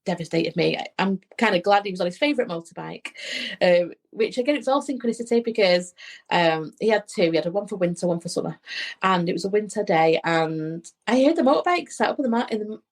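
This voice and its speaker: A woman's voice: mid-range voice, animated, brisk. Woman telling a personal story. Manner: rambling, restarts, acts out quoted voices. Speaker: podcast guest, medium. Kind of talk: casual heartfelt storytelling.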